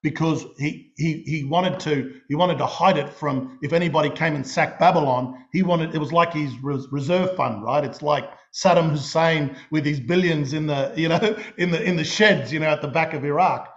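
A middle-aged Australian man preaching a sermon, telling stories in an animated way and often restarting and repeating his words. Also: fairly high pitch, normal speed, hardly any pauses. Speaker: pastor. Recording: dull lo-fi recording.

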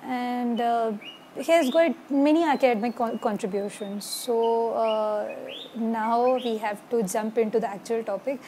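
A woman with an Indian accent giving a casual online lecture, pausing often with fillers and mixing English with Hindi. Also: fairly high pitch, fairly even intonation, warm tone, a little hiss or hum. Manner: hesitant, many fillers, switches between English and Hindi. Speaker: homeopathy lecturer.

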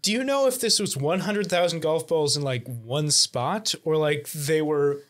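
A man trading jokes as a podcast co-host and trivia contestant. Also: on the high side. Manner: joking, quick quips. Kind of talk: casual group chat.

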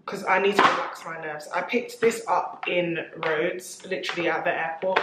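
A woman, chatting candidly to camera in a casual home vlog. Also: lowish voice. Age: 20s. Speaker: vlogger. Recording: roomy echo, faint noise.

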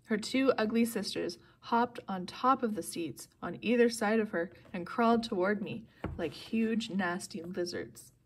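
A woman's voice: measured pace, husky. A woman reading a novel aloud steadily, lifting her voice for the characters' lines. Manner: reads steadily, voicing characters with louder, higher bursts. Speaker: audiobook reader.

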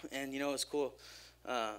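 A young man preaches in a church service with a bright, forward voice and an easy, conversational delivery. He jokes with the crowd and speaks openly about his own struggles. His energy stays high and personal throughout. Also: steady tone, moderate pace, clear, resonant tone. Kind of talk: casual youth sermon.

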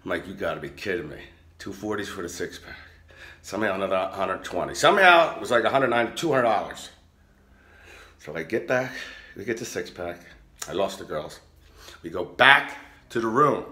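A man telling a rowdy, profane anecdote in a casual, animated way. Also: low voice, fairly quick, long pauses. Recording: roomy echo.

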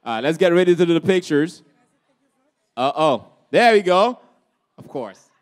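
A man from Haiti hosts a campus celebration, his voice pitched high and smooth. He keeps the energy up, calling out to the crowd and firing off questions. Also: expressive, moderate pace. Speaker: event emcee. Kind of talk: lively event hosting. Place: college campus event.

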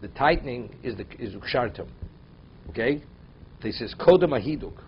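Man, halacha class, reads text then explains it, mid-pitched voice, muffled recording, faint room noise. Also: normal speed, creaky. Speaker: Torah teacher.

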